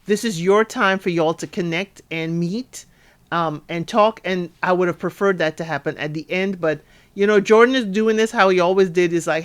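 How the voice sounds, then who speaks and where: A woman's voice: lowish voice, moderate pace. A woman, casually recapping a reality show and talking straight to her listeners in a chatty, sassy way. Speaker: podcast host reviewing a reality show.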